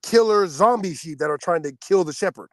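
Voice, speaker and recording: A podcast co-host chats casually and briskly, his slightly high voice leaping much higher when he gets excited. He tells animated stories and laughs often, recorded dry and close with no room sound.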